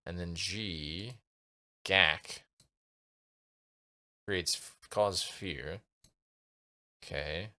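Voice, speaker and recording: A man's voice: low-pitched, very slow, pauses often, bright, forceful tone. A male streamer reading a gamebook aloud and muttering asides to himself as he decides what to do. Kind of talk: casual narration while playing a gamebook.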